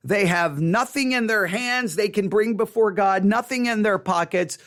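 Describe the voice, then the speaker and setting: A man's voice: high voice, moderate pace, fairly bright tone. A man leading a Bible study, teaching earnestly, often restarting his sentences and hammering points through repetition.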